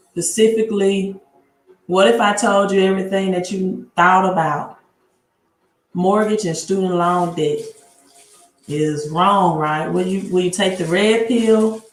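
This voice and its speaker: Slow-talking woman hosting a roomy live stream. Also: medium pitch. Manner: greets viewers by city, with frequent tag questions. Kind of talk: casual live-stream chat. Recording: roomy home room with faint background noise.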